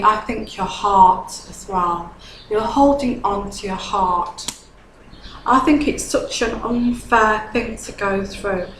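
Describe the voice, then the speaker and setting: A woman's voice: medium pitch, reverberant, slight background noise, poor audio. A woman giving a tarot reading to a viewer, earnest and consoling, often checking in with "okay?". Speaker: tarot reader.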